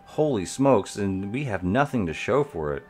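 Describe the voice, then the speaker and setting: A man's voice: lowish voice, big pitch swings, normal speed, a little mellow. A man giving rambling live gameplay commentary as a streamer, talking to his viewers while he plays. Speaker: game streamer.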